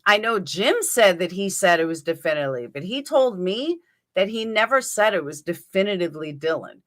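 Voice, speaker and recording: A woman with a New York accent hosts a casual livestream and talks straight to her chat. Her voice sits a little low, with a bright, tense edge. She thinks out loud and answers viewers by name as she goes. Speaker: livestream host. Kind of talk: live chat commentary.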